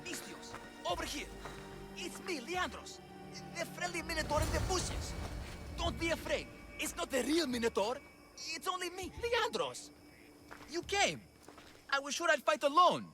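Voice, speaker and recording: A man's voice: very high-pitched, sing-song, normal speed. An actor playing a bumbling, boastful father in a bull costume, theatrical and comic. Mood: flustered. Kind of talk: game cutscene acting. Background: game score music.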